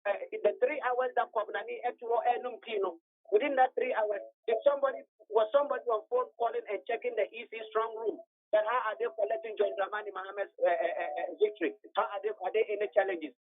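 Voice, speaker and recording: A man with a Ghanaian accent, speaking forcefully and defensively as a radio guest, mixing Twi and English. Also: very high voice, dry recording. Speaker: party member guest. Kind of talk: radio phone interview. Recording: tinny phone line.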